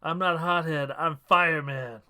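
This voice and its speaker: A man voicing a boastful, overacting male fire hero in a tabletop game, with loud, hammy challenges. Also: fairly high pitch, fairly even intonation, unhurried, background noise, pitched above the performer's own voice, close to an everyday voice.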